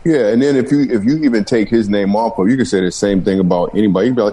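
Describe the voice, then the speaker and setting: A man guest chatting casually, rambling with quick jokes and asides. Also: lowish voice, mellow, breathy edge. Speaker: comedian guest. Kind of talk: casual chat.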